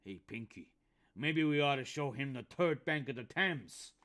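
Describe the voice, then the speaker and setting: A man voicing a big brutish rat-like thug with a deep, foreign-sounding voice, terse and menacing. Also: animated, measured pace, a bit bright.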